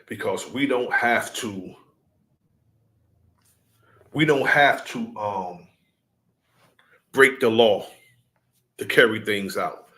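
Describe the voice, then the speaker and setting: A man addressing his followers in a deliberate, preaching cadence, repeating his key points. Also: on the low side, pushed and bright.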